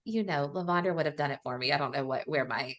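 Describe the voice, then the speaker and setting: A woman's voice: low voice, fast. A woman podcast host, telling a personal story in casual chat, with lots of fillers and laughter. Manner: chatty, animated, many "like" fillers and laughs.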